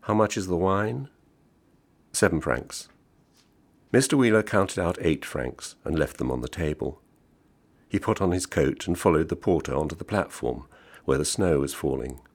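Very deep, gravelly man reading a story. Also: animated, moderate pace, darkish tone. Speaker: reader. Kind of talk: literary short story reading.

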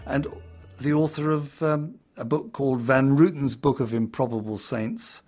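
A man speaking casually, chatty and relaxed, with the odd "um" and a few restarts along the way. Soft music plays faintly behind him. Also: medium pitch, normal speed. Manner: chatty, with fillers. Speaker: presenter. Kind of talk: casual spoken talk.

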